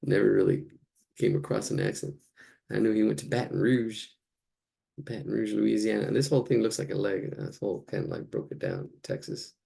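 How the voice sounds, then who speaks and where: Gravelly low-voiced man muttering while drawing. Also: dark tone. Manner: rambling, muttering, chuckling asides. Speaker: drawing instructor. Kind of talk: casual narration while drawing.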